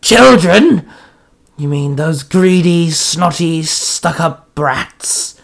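A man's voice: fairly high pitch, expressive, very slow, vocal fry, heavily acted. Man reading as a menacing possessed ice spirit, sneering and cackling; storybook villain.

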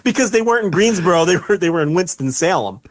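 A man co-hosting a casual wrestling podcast, telling stories with animation and shouting out the lines he quotes. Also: high voice, expressive, fast talker. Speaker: podcast co-host.

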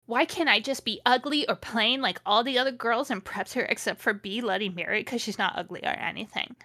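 A woman's voice: a little high, fairly quick, pushed and bright. Woman reading as a whiny goth teen girl. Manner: overwrought, dragged-out mock reading.

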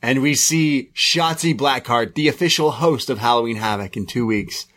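A man's voice: medium pitch, normal speed, fairly bright tone. A man co-hosting a wrestling podcast, chatting casually and recapping the show with acted-out quotes. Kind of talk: casual chat.

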